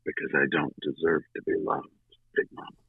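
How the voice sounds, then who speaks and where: A man voicing a sad, self-doubting man who speaks quietly and slowly. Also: on the low side, huge pitch swings, creaky, slightly rough, no echo, voice pushed up, full character voice. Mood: hushed sad. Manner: quiet, slow, withdrawn. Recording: tinny phone-like line.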